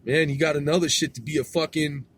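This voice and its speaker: A man's voice: a little high, steady tone, fast, fairly bright tone, a little hiss or hum. A man hosting a podcast in a casual, rambling monologue, laid-back and profane, chuckling often. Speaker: podcast host.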